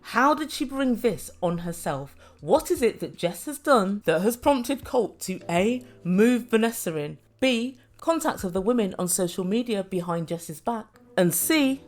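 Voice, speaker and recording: A woman's voice: medium pitch, animated, a little slow, few pauses, darkish tone. A woman giving a chatty, sarcastic recap of a reality TV episode. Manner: chatty and sarcastic, voicing quotes. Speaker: reality TV reviewer. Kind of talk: casual recap commentary.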